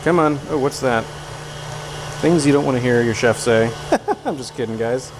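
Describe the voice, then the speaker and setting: A man's voice: mid-range voice, moderate pace, noisy background. A man chatting casually on a cooking livestream from his home kitchen, joking and poking fun at himself. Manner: joking, self-mocking, chatty. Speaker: streamer cooking live.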